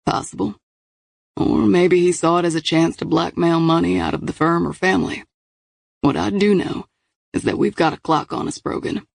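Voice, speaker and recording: Audiobook: deliberate male detective, gravelly, slightly higher voice, performed by a man. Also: fairly even intonation, no room sound. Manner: measured, deliberate case reasoning. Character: male investigator reasoning through a case. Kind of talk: audiobook dialogue reading.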